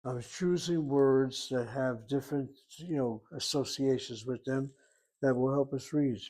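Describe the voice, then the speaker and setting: A man of middle pitch gives a Hebrew grammar lesson. He works patiently through each syllable and spelling, reasoning aloud like a teacher at a whiteboard. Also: unhurried, mellow. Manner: methodical, talks through each step aloud. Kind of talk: grammar lecture.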